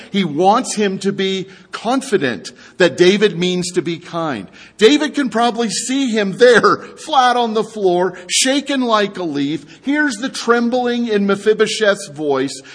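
A man preaching an expository sermon, animated and speaking straight to his listeners. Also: a little high, slightly rough. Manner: animated, addresses the audience directly. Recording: long hall reverb.

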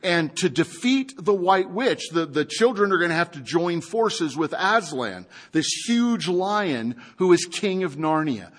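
A man preaching a sermon, retelling a story with animated rhetorical questions to his congregation. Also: high voice, measured pace, hardly any pauses. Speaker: pastor.

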